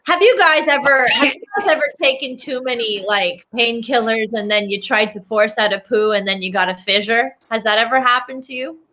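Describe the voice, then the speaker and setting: Bright, giggly woman comedian. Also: a little high, fairly quick, few pauses, slight background noise. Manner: laughs often, crude jokes. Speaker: comedian guest. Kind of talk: casual comedy banter.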